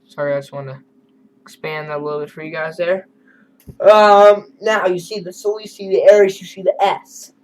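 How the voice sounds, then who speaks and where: A man's voice: sits high, fairly even intonation, moderate pace, poor audio. Casual man teaching a Spanish lesson. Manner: casual, conversational teaching with asides. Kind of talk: screen-recorded online lesson.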